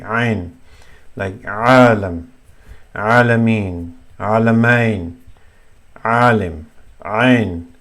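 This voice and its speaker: Gravelly and a little mellow, this man's fairly low voice guides a slow lesson on Arabic letter sounds. He patiently demonstrates each one and corrects himself as he goes.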